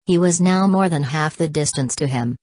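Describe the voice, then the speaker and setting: A woman's voice: deep voice, normal speed, darkish tone, slightly rough. A woman narrating an audiobook, reading every punctuation mark aloud. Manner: reads punctuation marks aloud.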